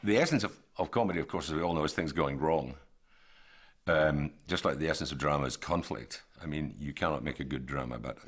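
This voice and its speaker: Man with a very deep voice. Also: a little fast, slightly rough. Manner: reflective, anecdotal. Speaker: interviewee. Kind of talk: documentary interview.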